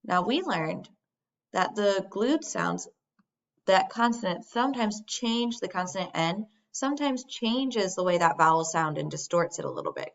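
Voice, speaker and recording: A woman teacher records a phonics lesson, modeling sounds for young children slowly and deliberately. Her medium-pitched voice is very animated, though the lo-fi recording sounds dull.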